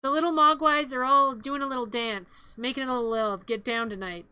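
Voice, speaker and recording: A woman's voice: high voice, fairly even intonation, fairly quick, bright, forceful tone, clear, resonant tone, dry recording. A woman streamer narrating a movie in a playful, rambling, chatty way with little quips.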